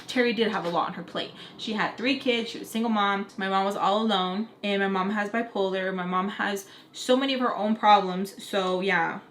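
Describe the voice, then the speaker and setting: Young american woman, animated storytelling, roomy echo, faint hiss. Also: medium pitch. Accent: American, Utah. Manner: animated, acts out quoted voices of family. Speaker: vlogger telling a story time. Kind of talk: casual storytelling. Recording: echoey room, faint noise.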